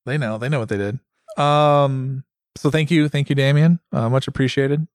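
A man's voice: mid-range voice, steady tone, moderate pace, no room sound, studio quality. A man co-hosting a casual podcast, joking, swearing and putting on mock accents, still recovering from a concussion. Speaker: podcast co-host. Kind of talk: casual chat.

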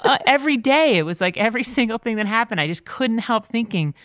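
A middle-aged woman talking candidly in a podcast conversation, telling stories with lively quoted voices. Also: fairly high pitch, fast, dry recording.

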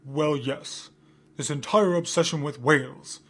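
Man doing a stern first mate, commanding, fearful of whales, slightly high voice. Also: measured pace, husky.

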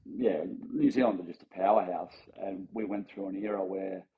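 An Australian man in his forties, a guest in a casual interview, telling anecdotes in a lively way, acting out the voices of people he quotes, with plenty of fillers and restarts. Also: deep voice, normal speed, narrow, tinny audio, slight background noise.

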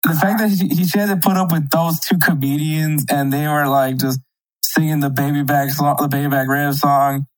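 A podcast co-host in easygoing conversation. The voice stays flat with little pitch movement, in a middling register. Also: normal speed, poor audio. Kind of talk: casual chat.

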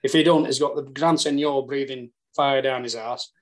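A man's voice: mid-range voice, steady tone, normal speed, close to an everyday voice. A man voicing an anxious golfer torn between two sides and fretting to himself. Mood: fretful.

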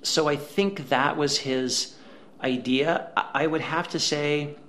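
A man co-hosting a casual film review chat, chatty and amused, often pausing on fillers. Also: on the high side, fairly bright tone. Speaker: film critic co-host.

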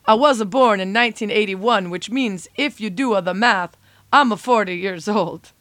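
A woman's voice: mid-range voice, normal speed, fairly bright tone, no room sound, close to an everyday voice. A woman reading aloud as Mario, a weary forty-year-old plumber, in a put-on comic Italian-style accent with extra "a" sounds. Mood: nostalgic. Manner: bouncy, exclamatory comic read. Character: middle-aged male plumber hero, weary and griping.

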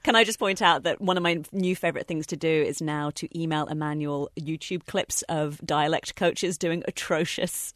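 A woman co-hosting a casual podcast chat, teasing and quick-witted. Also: deep voice, no echo, studio quality. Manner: lively, teasing. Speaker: podcast co-host.

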